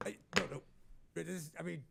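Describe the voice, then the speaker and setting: Casting: male podcast host, high and very gravelly, husky, teasing and rambling. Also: fairly even intonation, brisk, very noisy. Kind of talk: casual chat.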